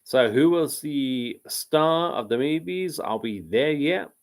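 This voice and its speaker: A man's voice: fairly high pitch, lively intonation, slow pace. A man hosting a live quiz stream, reading out chat comments and rambling casually about films, often breaking off mid-sentence and laughing.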